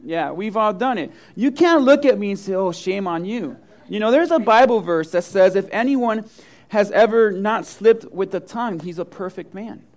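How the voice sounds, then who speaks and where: A middle-aged male pastor preaching a sermon, telling funny personal stories and acting out the quotes with big swings in voice. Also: moderate pace. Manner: animated storyteller, acts out quotes with big swings of pitch and loudness.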